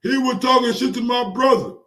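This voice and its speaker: Excitable high-voiced man in an echoey room. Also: fairly quick, recorded from a distance. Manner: excitable, profane, repeats phrases for emphasis. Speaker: boxing commentary channel host. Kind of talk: casual reaction commentary.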